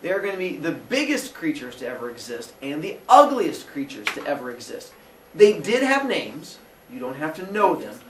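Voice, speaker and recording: A man teaching a class tells an old myth as a comic story and slips into quick voices for each character. His voice sits a little high and swings widely in pitch. He sounds set back from the mic in an echoey room, with a faint hiss of noise behind him. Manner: animated, jokey, acts out characters in quick voices. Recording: roomy echo from far off with faint noise.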